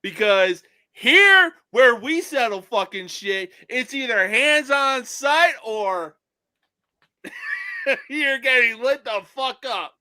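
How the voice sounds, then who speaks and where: A man's voice: very high voice, wildly swooping pitch, takes it slowly, sharp tone. A man with an East Coast accent, swearing freely and laughing in casual podcast chat. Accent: American East Coast. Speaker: podcast co-host.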